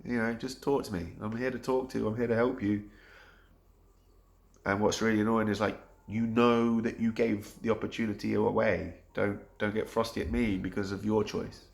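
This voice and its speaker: Man, 30s, lowish voice, earnest rambling vlog talk, lots of restarts. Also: level tone, moderate pace, creaky. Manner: earnest, rambling, thinking aloud with many restarts. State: getting choked up. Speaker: vlogger. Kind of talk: reflective vlog monologue.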